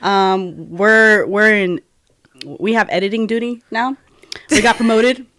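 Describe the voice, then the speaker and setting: A woman co-hosting a podcast in casual chat, chatty and animated, laughing often. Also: medium pitch, measured pace. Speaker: podcast co-host.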